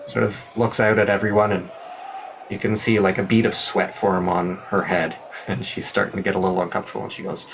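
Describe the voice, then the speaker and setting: A man running a tabletop game as game master, narrating in a playful manner with frequent laughs and quick asides. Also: low-pitched, little pitch movement, vocal fry, slight background noise.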